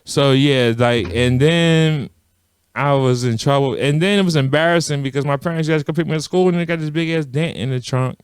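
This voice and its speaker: A man's voice: a little high, a little fast, smooth, no room sound, clean studio sound. A man co-hosting a podcast, telling a story in a casual chat, laughing often and acting out what others said. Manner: animated storyteller, laughs often, acts out quotes. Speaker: podcast co-host.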